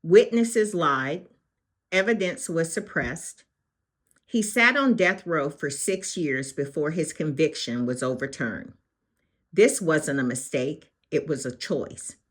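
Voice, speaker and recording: A woman with a somewhat low voice delivers a scripted commentary as host. She speaks slowly and deliberately in short, emphatic statements. Her pitch swings widely from line to line. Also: expressive.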